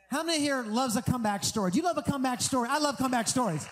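A man's voice: extremely high pitch, expressive, rapid-fire, hardly any pauses, a bit bright, in a large hall. A middle-aged American pastor preaching an earnest, conversational sermon, often restarting his sentences.

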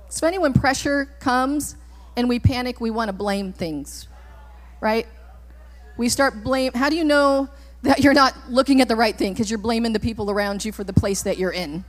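Brief: woman preacher, high voice, forceful repeated commands, church hall reverb. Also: normal speed. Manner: emphatic, repeating commands and rising to shouts. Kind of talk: sermon. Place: church sanctuary.

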